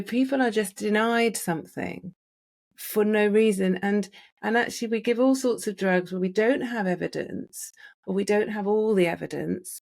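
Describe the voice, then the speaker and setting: A middle-aged woman doctor hosting a podcast interview, explaining in a measured way with frequent restarts. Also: medium pitch, vocal fry. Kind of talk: interview conversation.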